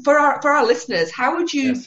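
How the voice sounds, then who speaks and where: A woman hosting a podcast, asking questions with hesitant pauses and fillers. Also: high-pitched, animated, a bit bright, slight background noise. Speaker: podcast host. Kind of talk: interview questions. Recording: roomy echo, dull lo-fi sound.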